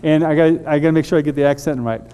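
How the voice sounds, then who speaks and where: A man preaching a storytelling sermon as a pastor, animated and halting with frequent restarts. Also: on the high side, clear, resonant tone.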